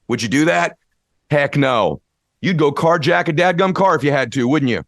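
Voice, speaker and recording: A man giving a motivational speech, preachy and building to impassioned shouting. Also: on the high side, lively intonation, a little fast, gravelly, no echo, studio quality. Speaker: motivational speaker.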